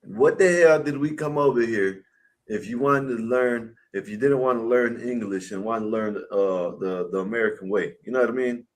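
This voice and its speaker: A man's voice: medium pitch, moderate pace, low-quality recording. A man on a live panel, talking bluntly and heatedly, full of rhetorical questions. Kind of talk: casual live panel chat.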